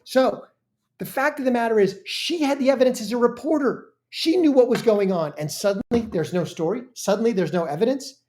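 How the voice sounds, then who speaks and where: A woman's voice: fairly high pitch, animated, fairly quick, warm tone. Indignant woman commentator. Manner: indignant, emphatic, with frequent restarts. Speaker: political commentary host. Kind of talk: reaction commentary.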